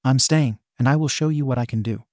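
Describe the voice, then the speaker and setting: A man's voice: mid-range voice, brisk, a little mellow, dry recording, studio quality, lightly acted. A man voicing a nervous little girl in a storybook reading, stammering and timid. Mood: stubborn.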